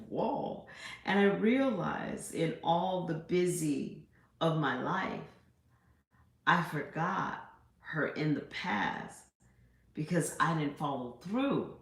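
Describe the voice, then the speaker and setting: A middle-aged woman talks through a spiritual reflection in a slow, drawn-out way, leaving long pauses between her thoughts. Her voice sits low and has a gravelly edge. The room around her rings with echo. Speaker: spiritual channel host.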